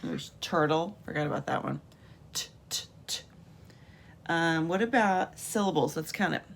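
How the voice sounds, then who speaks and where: A woman teacher giving a patient home video lesson on phonics, sounding out letters and words slowly from her room. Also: sits low, gravelly, slight background noise.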